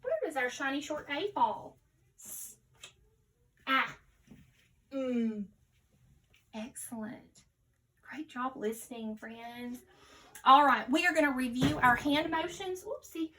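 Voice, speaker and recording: A woman teaching a phonics lesson to young children, speaking in slow, encouraging, sing-song teacher talk and sounding out letters and words. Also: high voice, bright, forceful tone.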